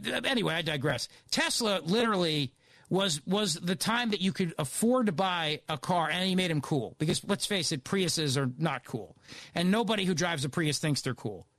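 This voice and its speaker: A man hosting talk radio, riffing in a sarcastic, digressive monologue. His voice sits high and swings all over the place. The studio sound is dry and close. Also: a bit bright, no echo. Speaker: guest radio host.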